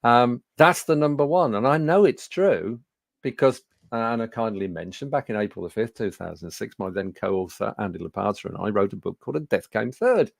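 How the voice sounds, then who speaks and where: A man's voice: lowish voice, expressive, fairly quick, creaky, dry recording. A man in his sixties with a Birmingham accent, a speaking coach telling anecdotes to a studio audience with fillers and self-deprecating humour. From Birmingham, England. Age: 60s.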